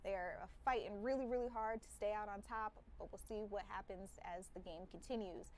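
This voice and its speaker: A woman's voice: medium pitch, a little fast, darkish tone, slight background noise. A woman news anchor on a live local broadcast, talking in a conversational, upbeat way.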